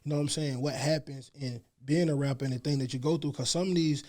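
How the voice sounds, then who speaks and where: A man's voice: on the high side, fairly even intonation, fast, darkish tone. A man hosting a podcast, talking in a laid-back, reflective way with lots of fillers. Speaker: podcast host. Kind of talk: casual chat.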